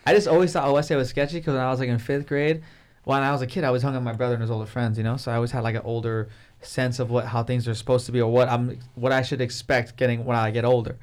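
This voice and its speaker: A man's voice: medium pitch, level tone, quick pace, a little mellow. A young man in casual chat, telling stories with lots of slang and swearing, now and then acting out his friends' lines in a raised voice. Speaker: podcast guest.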